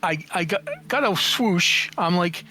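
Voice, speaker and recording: A man in his forties, a guest in an interview, telling stories in a casual, animated, jokey way, acting out quoted lines and often restarting his sentences. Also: high voice, measured pace. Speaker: interview guest, games journalist and writer.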